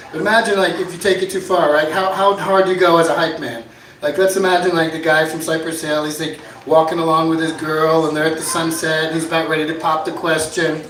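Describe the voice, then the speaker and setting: Male comedian, high voice, deadpan one-liners, shouted bits, echoey bar room, far from the mic. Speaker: stand-up comedian. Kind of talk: stand-up comedy set. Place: inn bar with live audience.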